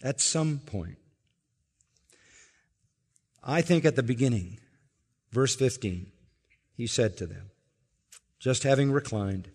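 A man preaching a sermon as pastor, earnest and explanatory, building to emphatic peaks and dropping low again. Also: animated, moderate pace, pauses often. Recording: long reverb of a large hall.

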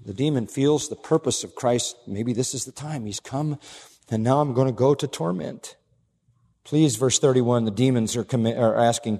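A male pastor preaches an expository sermon with emphatic, driving conviction, dropping low for asides and rising into raised declarations on key points. His mid-pitched voice is gravelly and warm, at a moderate pace, with a long reverb from a large church hall.

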